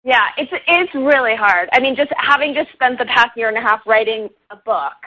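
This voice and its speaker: A talkative woman with a fairly high voice chats as an interview guest, upbeat and quick to laugh. Her voice comes through a dull, lo-fi online radio recording that takes the edge off the sound. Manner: chatty, upbeat, laughs often. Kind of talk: casual interview talk.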